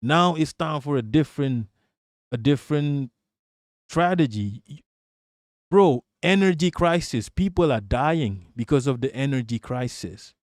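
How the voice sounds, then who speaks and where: A man's voice: mid-range voice, expressive, a little slow, no room sound, studio quality. A man streaming live, talking straight to his chat in a blunt, rambling, profane manner and laughing often between remarks. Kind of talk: live-stream political commentary.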